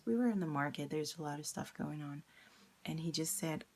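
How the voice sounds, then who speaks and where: A woman's voice: low-pitched, fairly even intonation, moderate pace, creaky, darkish tone. A young woman candidly recounting a personal experience in a vlog, acting out the quoted lines as she retells them. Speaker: vlogger.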